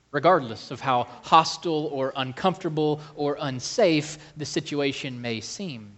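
Slow, emphatic male preacher. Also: on the high side. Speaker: pastor. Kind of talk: sermon.

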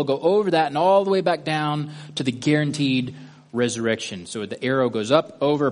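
A man teaching a Bible study lesson, methodically guiding listeners step by step through a drawing. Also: medium pitch.

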